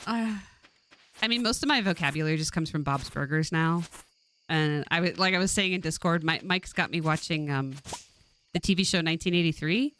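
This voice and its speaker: A woman's voice: deep voice, fairly quick, a little hiss or hum. A woman in her forties from California, chatting casually and laughing often while streaming a game. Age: 40s. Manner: rambling, laughs often, animated.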